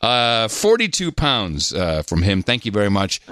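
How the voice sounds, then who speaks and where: A man hosting, halting, dry close sound. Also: on the low side, big pitch swings, a bit bright, no echo. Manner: halting, many filler pauses. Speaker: podcast host. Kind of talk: casual chat, reading listener donations.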